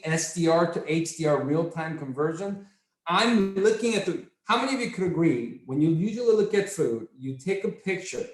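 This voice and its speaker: A man leading a sales training session, talking in an excitable, repetitive, salesy way. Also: a little high. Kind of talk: enthusiastic product training talk. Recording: echoey room.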